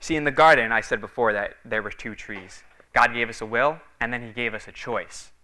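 A man's voice: medium pitch, a little fast, pushed and bright. A man preaching a sermon in a conversational, storytelling way, with frequent fillers, acting out the voices of the people in his stories.

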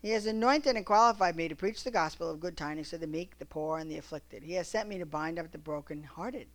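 A preacher reading scripture aloud and telling lively stories to a congregation, often laughing. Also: female voice, low-pitched, fast. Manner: animated, laughing storyteller.

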